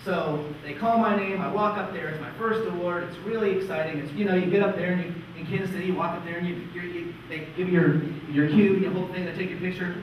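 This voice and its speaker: High-voiced man telling a story in a hall. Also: quick pace, hardly any pauses, a little hiss or hum. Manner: animated anecdotal storyteller, self-interrupting. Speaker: conference co-presenter. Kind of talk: storytelling on stage. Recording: echoey hall, far-off dull mic.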